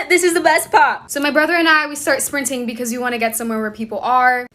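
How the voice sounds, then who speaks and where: A young woman telling a storytime in a casual, animated way, swearing freely. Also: high voice, quick pace.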